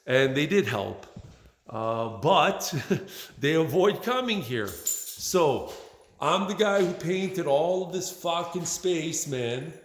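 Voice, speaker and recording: A middle-aged man with a fairly high voice rants in exasperation, swearing freely and tagging sentences with "man". He sounds like he is in a big bare workspace, with his voice ringing off the walls and trailing into a long reverb. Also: animated, takes it slowly. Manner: exasperated, profane, keeps saying "man". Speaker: small business owner. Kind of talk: venting monologue vlog. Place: large bare workspace under renovation. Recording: echoey hall with long reverb.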